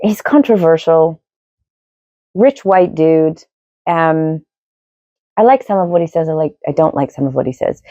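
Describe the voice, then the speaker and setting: Animated middle-aged woman, dry close sound. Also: dry recording, muffled recording. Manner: animated, rambling, quick pitch jumps. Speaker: podcast co-host. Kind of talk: casual opinionated chat.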